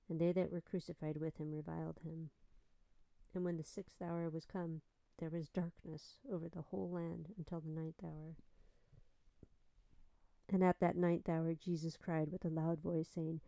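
Woman scripture reader, calm and unhurried, dark mellow tone, dry close sound. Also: fairly low pitch, vocal fry, dry recording, poor audio. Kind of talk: scripture reading.

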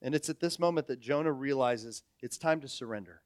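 A man in his forties preaching a sermon, telling stories in a lively way and acting out the people in them. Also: medium pitch, a little fast, no echo, studio quality. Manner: animated storytelling, acts out characters. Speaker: pastor.

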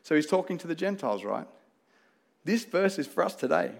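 A man's voice: on the high side, very animated, a little fast, gravelly. A man with an Australian accent preaching a sermon, earnest and conversational, weaving in personal stories. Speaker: pastor.

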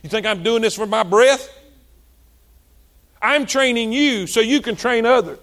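Impassioned high-voiced preacher man. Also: measured pace. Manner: impassioned, repetitive preaching with sudden loud and soft swings. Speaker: pastor. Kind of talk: sermon.

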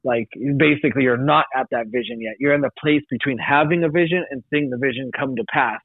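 A young man tells a church story on a podcast, circling back with likes and restarts. His voice sits mid-pitch. The sound is dry and squeezed thin, like a phone line. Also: fast, no room sound. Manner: rambling, many restarts and likes. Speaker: podcast guest. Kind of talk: casual testimony.

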